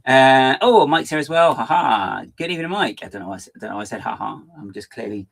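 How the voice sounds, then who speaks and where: Hyper, fast-rambling man. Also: medium pitch, lively intonation, gravelly. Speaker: live stream host. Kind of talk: casual live-stream chat, reading viewer comments.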